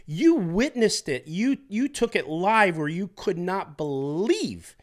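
A man hosting a casual interview show, asking questions with drawn-out emphasis. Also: sits high, expressive. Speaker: host.

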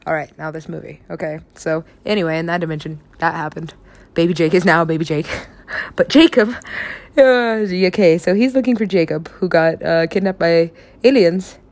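A woman's voice: fairly low pitch, normal speed, darkish tone. A young woman chatting casually and rambling about stories she has written, laughing often and swearing freely. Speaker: writer describing her own stories.

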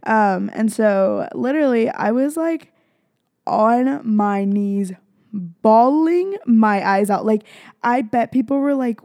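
Young woman, podcast host, gushing rambly chat, lots of vocal fry, dry close mic. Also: fairly high pitch, lively intonation, slow, darkish tone, no room sound. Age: young adult. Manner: gushing, rambling, heavy on "like" and "freaking". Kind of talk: casual confessional chat.

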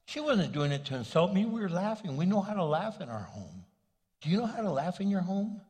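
An older man, a pastor, preaching a folksy, conversational sermon with homely stories, his husky voice carrying through a church sanctuary. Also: high voice, very animated, fairly quick, a little mellow. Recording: long reverb of a large hall.

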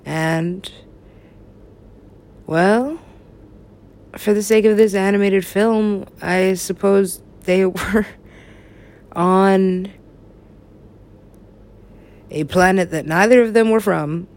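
A woman's voice: medium pitch, extremely slow, pauses often, a little mellow. A woman talking in a meandering, giggly way, swearing freely and trailing off into mumbles. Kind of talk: rambling casual talk.

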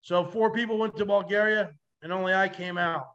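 A man with a high, forceful voice spins lively survival tales as a podcast guest. He swears freely and slips into the voices of the people in his stories. The sound is dull and lo-fi, as if the audio was compressed. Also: a little fast. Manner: vivid, acts out quoted voices, swears freely. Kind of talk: animated storytelling.

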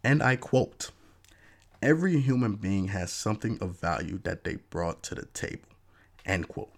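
A man hosting a podcast, talking through his take in a casual, animated monologue with lots of "you know" asides. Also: moderate pace, creaky. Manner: animated, acts out fans' voices in a raised pitch. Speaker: podcast host.

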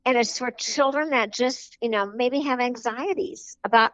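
A woman's voice: fairly high pitch, lively intonation, unhurried, pushed and bright, no echo. Chatty woman author, dull dry sound. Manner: chatty and rambling, with fillers and little laughs. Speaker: children's book author. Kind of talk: casual interview talk.

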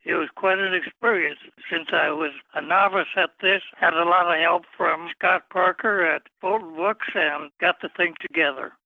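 A man's voice: on the high side, steady tone, moderate pace, gravelly, hardly any pauses, dry recording. Older man on a tinny phone line. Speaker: guest author. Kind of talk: phone interview answers.

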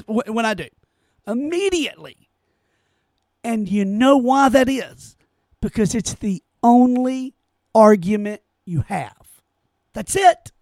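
A man's voice: high voice, dry recording. A man giving an opinion monologue in an emphatic, rhetorical way, often repeating his phrases. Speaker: commentator.

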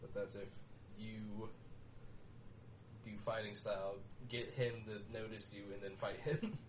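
A man's voice: lowish voice, level tone, unhurried, distant mic, slight background noise, rough recording. A man playing a tabletop game, chatting in an easygoing way. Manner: easygoing, laughs along. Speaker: player. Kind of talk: casual tabletop game chat.

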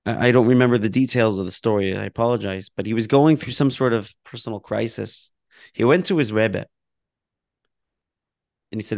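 A man's voice: lowish voice, normal speed, creaky, dry recording, studio quality. A man teaching a casual lesson on a prayer book, reading passages aloud and explaining them with laughs and asides.

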